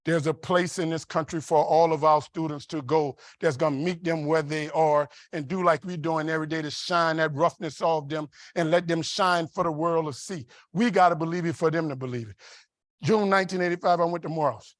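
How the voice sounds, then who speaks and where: A man from New Orleans with a New Orleans accent, giving a motivational keynote speech in an animated, rhythmic way with repeated phrases. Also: a little high, fairly quick, dry recording. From New Orleans, USA. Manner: animated, rhythmic and repetitive, with laughs. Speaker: keynote speaker. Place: conference dinner hall.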